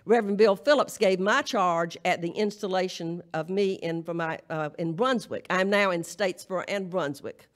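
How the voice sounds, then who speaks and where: A woman minister from the Southern United States, with a Southern accent, delivers a humorous, emphatic, folksy charge to a congregation during a live church service. Her voice is on the low side, at a moderate pace with few pauses.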